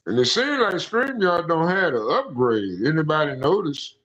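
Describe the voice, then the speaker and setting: A young man hosting a casual livestream panel, telling stories in an animated, slangy way. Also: a little high, normal speed. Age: young adult. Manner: animated ranting storyteller, slangy. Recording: echoey, dull lo-fi audio.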